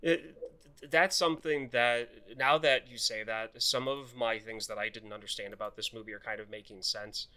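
A man's voice: medium pitch, steady tone, moderate pace, bright, forceful tone, clear, resonant tone. A man co-hosting a casual movie podcast, rambling through his review with many fillers and restarts. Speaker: podcast co-host.

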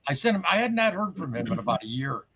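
A man telling a personal story in casual, rambling talk, excitable and full of asides. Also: on the high side, fast talker, slightly rough. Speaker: caller telling his story.

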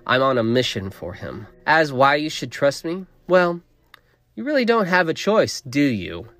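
A man's voice: mid-range voice, very animated, a little slow, a bit bright, no room sound, voice pushed up. A man voicing a proud young woman with powers who speaks coldly and condescendingly. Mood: cold defiant. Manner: cold, cutting, condescending.

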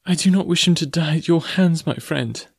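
A man voicing a gentle, pleading young woman in an audiobook. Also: on the high side, normal speed, creaky, breathy edge, dry recording, clean studio sound, voice pushed up. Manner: soft, imploring.

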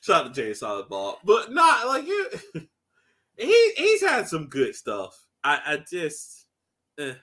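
A man co-hosting a casual podcast, animated and laughing often as he acts out movie lines. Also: on the high side, takes it slowly. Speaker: podcast co-host. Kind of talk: casual chat.

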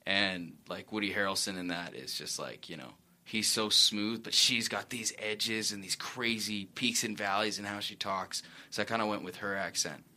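A man's voice: on the low side, steady tone, normal speed, few pauses, sharp tone. A man, an actor guest, telling stories in a rambling, self-correcting way on a casual talk show. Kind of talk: casual interview chat.

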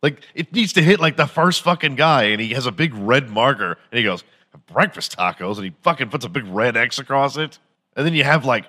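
A man's voice: medium pitch, a bit bright. A man hosting a podcast in a crude, mocking comedic rant, swearing freely and slipping into silly impressions. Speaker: podcast host.

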